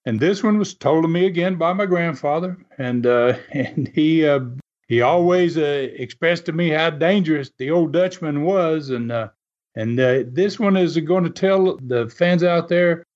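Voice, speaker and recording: A man's voice: on the high side, unhurried, a little mellow. A man hosting a podcast, telling a story at an easy pace with plenty of "uh" fillers. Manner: rambling, full of "uh" fillers. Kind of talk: casual storytelling. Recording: dull lo-fi podcast audio.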